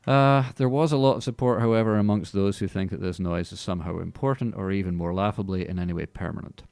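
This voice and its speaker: A man's voice: deep voice, fast, gravelly, darkish tone, clear, resonant tone, no echo. A man hosting a movie podcast, reading news with dry, mocking asides. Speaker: podcast host. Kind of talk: casual comedic movie news chat.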